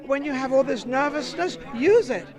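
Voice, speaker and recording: A chatty woman works a red carpet outdoors, encouraging each guest and handing out advice in a friendly, talkative way. A loud crowd murmurs all around her. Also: sits high, normal speed. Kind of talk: casual red carpet interview.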